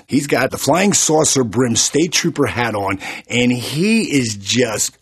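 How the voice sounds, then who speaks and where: Husky, lively motivational speaker man. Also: mid-range voice, slow pace. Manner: storytelling, animated, plays out scenes. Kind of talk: motivational talk on an audio CD.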